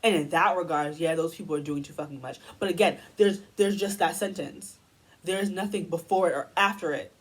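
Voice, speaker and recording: A woman's voice: lowish voice, fairly quick, low-quality recording. A young woman ranting heatedly in a commentary video, profane and exasperated. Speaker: commentary YouTuber.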